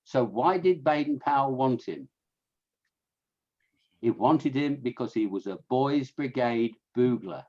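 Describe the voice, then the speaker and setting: A man's voice: mid-range voice, expressive, a little slow, darkish tone, lo-fi sound. A man with a Fenland accent giving an illustrated history talk to an audience, chatty, with restarts and asides to his listeners. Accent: Fenland English. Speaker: lecturer on scouting history.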